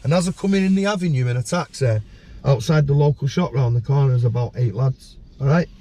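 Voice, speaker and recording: A man telling a story as a podcast guest, lively and jumping up in pitch when he acts out other people's lines. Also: quick pace. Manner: animated storyteller, acts out voices with sudden high pitch.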